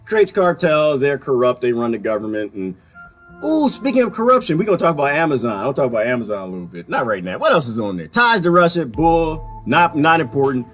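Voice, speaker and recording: A man giving a ranting solo political commentary, sarcastic and animated, often jumping into high mocking voices. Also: a little fast. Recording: faint music behind.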